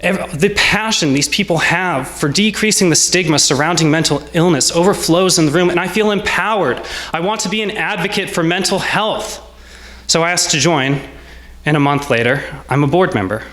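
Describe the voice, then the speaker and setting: A man in his twenties telling a personal story on stage, in a measured, reflective way with short present-tense lines. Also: on the high side, fairly bright tone. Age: 20s. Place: small salon event space.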